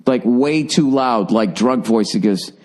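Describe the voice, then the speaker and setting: A man's voice: medium pitch, measured pace. A man, hosting a podcast and telling a rambling, profane story in a casual monologue. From Boston area. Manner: profane, rambling, animated when quoting people. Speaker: podcast host.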